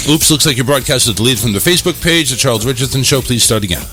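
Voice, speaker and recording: A man hosting a casual live-streamed talk show, blunt and quick to swear when irritated, speaking into a new microphone. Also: mid-range voice, very animated, music in the background.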